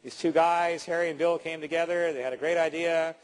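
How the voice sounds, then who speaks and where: A man puts on a boastful corporate presenter who lists his firm's history and profits in a smug, droning voice. The voice is pitched high. It rings out in a long, echoey hall. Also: a little fast, natural voice. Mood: smug boasting. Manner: smug, self-important, monotone listing.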